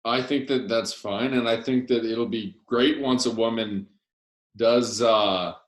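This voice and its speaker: A man's voice: mid-range voice, a little slow. A man co-hosting a casual hockey podcast, opinionated and rambling, often trailing off mid-sentence. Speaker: podcast co-host. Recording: echoey room.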